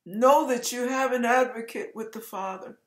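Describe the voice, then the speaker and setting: A hoarse woman giving an encouraging devotional message as an online ministry preacher, with emphatic, repeated exhortations. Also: fairly high pitch, normal speed. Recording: echoey room.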